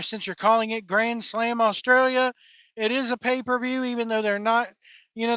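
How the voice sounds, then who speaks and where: A man's voice: very high voice, pushed and bright, dry recording, dull audio. Rambling opinionated male podcast host. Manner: rambling, opinionated, repeats himself. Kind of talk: casual commentary monologue.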